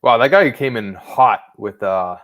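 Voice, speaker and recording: A man's voice: mid-range voice, lively intonation, a little slow, a bit bright. A man co-hosting a live show, teasing his partner and laughing often. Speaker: co-host.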